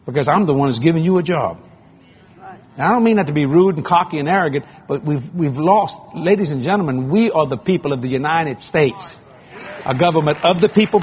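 A man's voice: fairly high pitch, slightly rough, dull audio. A man preaching a sermon and telling stories from his own life, speaking boldly and often repeating words as he builds a point. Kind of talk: sermon with personal anecdotes.

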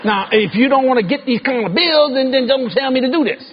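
A middle-aged man preaching a sermon in an animated storytelling way, shouting and laughing as he goes. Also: very high-pitched, a little fast, crowd noise, background noise. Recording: dull lo-fi recording.

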